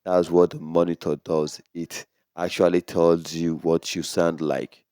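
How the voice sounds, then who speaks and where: This unhurried host of a casual how-to video explains equipment step by step in a relaxed manner, often starting with "so." His low, clean voice goes through a condenser microphone and sound card, yielding clean studio sound with no room ambience.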